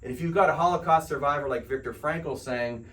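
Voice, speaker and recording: A man's voice: a little high, brisk, a bit bright, far from the mic, low-quality recording. A male counselor giving a spiritual self-help lecture in a conversational way, often putting rhetorical questions to his audience.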